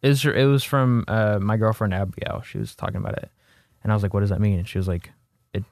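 A young man talking fast in casual podcast banter, quick with jokes. His voice is fairly low, and the close mic gives a dry sound with no room. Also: animated, no echo. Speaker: podcast co-host. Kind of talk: casual chat.

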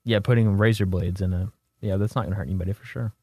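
A young man co-hosting a podcast, chatting casually with quick joking banter. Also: lowish voice, fairly even intonation, darkish tone, dry recording. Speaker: podcast co-host. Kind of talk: casual chat.

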